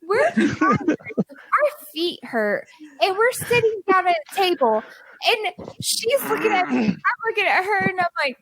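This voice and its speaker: A woman's voice: very high-pitched, a little slow, slight background noise. A woman podcast guest telling a long story in casual, exasperated style, acting out the people in it. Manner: animated, exasperated storytelling with quoted dialogue.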